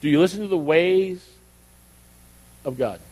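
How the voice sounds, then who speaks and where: A man's voice: on the high side, unhurried, a little mellow. An older man, a pastor, preaching a sermon in a conversational storytelling way that builds to emphatic questions. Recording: long reverb of a hall.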